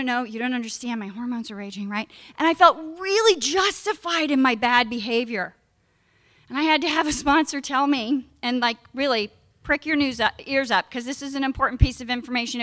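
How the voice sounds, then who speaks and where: A woman's voice: sits high, brisk, fairly bright tone. A middle-aged woman giving a candid personal testimony at a recovery meeting, emphatic and frank. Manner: candid, emphatic, acts out her past self in raised voice.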